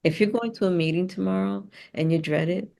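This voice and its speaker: A woman, a spiritual healer and host, talking in an animated, emphatic and playful way in a casual heartfelt conversation over a video call. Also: lowish voice, fairly quick, vocal fry.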